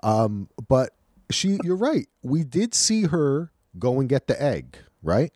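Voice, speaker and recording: A man co-hosting a podcast in casual chat, talking in a lively, animated way. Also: medium pitch, slow, dry recording, clean studio sound. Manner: animated, lively storytelling with acted quotes. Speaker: podcast co-host.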